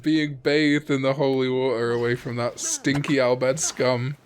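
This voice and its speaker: A man's voice: mid-range voice, flat delivery, moderate pace, a little hiss or hum. A British man casually commentating a video game with a friend, cursing and joking a lot. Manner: profane, laughing banter. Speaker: let's play host.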